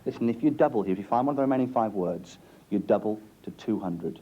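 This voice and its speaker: A man's voice: fairly low pitch, fast talker, husky. A man hosting a TV game show in a studio with an audience, teasing the contestants and cracking jokes. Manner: teasing, jokey, animated. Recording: lo-fi early 90s TV broadcast, audience noise.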